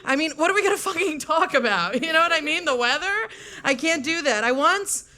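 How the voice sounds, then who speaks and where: Woman, comedian, brash, profane, high pitched, bright tone. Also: lively intonation, fairly quick. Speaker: comedian debater. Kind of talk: stand-up debate speech.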